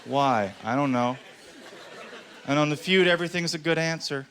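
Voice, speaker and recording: A man doing a stand-up comedy set on stage, sarcastic with deadpan asides. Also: fairly high pitch, moderate pace, pauses often, a crowd in the background. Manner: sarcastic, deadpan asides between acted quotes. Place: comedy stage before a live audience. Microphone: handheld stage mic. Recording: stage mic with audience noise. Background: audience laughter.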